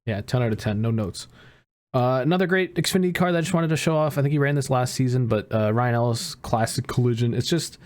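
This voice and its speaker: A man's voice: medium pitch, fast, a little mellow. Profane ranting man, podcast co-host. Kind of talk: casual podcast chat.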